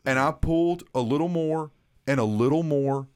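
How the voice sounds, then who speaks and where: Animated swearing man telling a story. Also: on the high side, moderate pace, clear, resonant tone. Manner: animated, swearing, acts out quotes. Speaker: podcast co-host. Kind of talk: casual storytelling chat.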